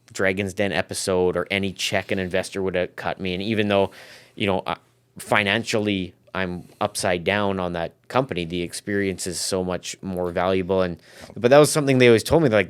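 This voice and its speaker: Low-voiced man talking business casually. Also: clear, resonant tone. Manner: rambling, many restarts and "like" fillers. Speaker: podcast guest, business founder. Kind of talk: casual conversational interview.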